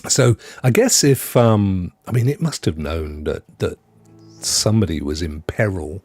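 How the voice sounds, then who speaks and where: A middle-aged man chatting casually on his live stream, wandering off into asides and laughing along the way. His voice swings widely in pitch and has a slightly husky edge. The recording is dry and close, with faint music under it. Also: lively intonation, unhurried, a little mellow, no echo. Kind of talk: casual live-stream chat reading good news.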